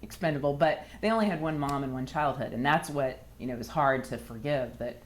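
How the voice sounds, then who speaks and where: A woman in her thirties, earnest and halting, telling her own story as a former patient in an interview. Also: a bass voice. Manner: earnest, halting, many restarts. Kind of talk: emotional personal account.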